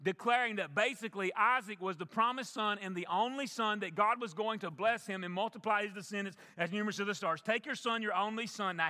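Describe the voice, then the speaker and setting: A man's voice: sits high, bright, forceful tone. A male pastor preaching a sermon, emphatic, repeating key phrases for the congregation. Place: church sanctuary. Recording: long church reverb.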